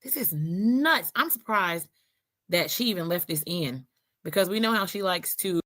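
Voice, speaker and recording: A woman's voice: lowish voice, lively intonation, normal speed, a bit bright, dry recording. A woman in a clip from another creator's video, talking emphatically and indignantly with rhetorical questions. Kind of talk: casual commentary video.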